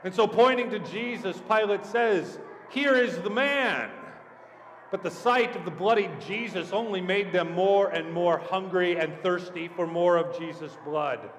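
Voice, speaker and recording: A male pastor preaching an animated storytelling sermon, asking the congregation questions. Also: high-pitched, moderate pace, few pauses, a little hiss or hum. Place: church sanctuary. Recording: echoey church hall.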